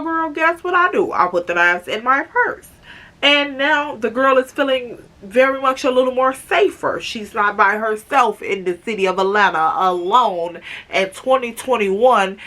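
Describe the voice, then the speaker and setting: A woman in her twenties from Chicago telling an animated, slangy storytime to her viewers. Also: medium pitch. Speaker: vlogger. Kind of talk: storytime vlog.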